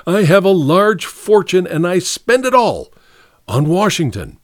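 A man voicing a large, blustering wealthy antiquarian who talks loudly and indignantly. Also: sits high, sing-song, measured pace, dry recording, studio quality, voice pushed up. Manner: loud, indignant, insistent.

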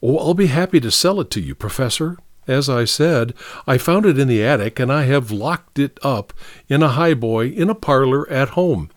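A man's voice: mid-range voice, lively intonation, moderate pace, no echo, natural voice. A level-headed young countrywoman who speaks in a cool, matter-of-fact way, as a male reader puts her on. The reading is dry and close to the mic. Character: cool, plain-spoken young farm woman.

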